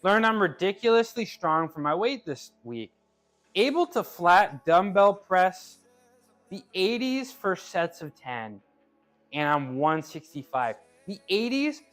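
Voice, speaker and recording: A man's voice: high voice, very animated, takes it slowly, fairly bright tone, faint music behind. A man chatting casually with his live-stream viewers as he trains, laughing easily and often restarting his phrases. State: working out. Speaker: streamer reading chat.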